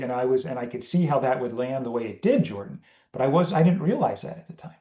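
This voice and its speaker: Speaking quickly in a mid-range voice, a man hosts a podcast from an echoey room with dull audio. He explains a family communication tool in a relaxed teaching style, animatedly performing family conversations with his daughter.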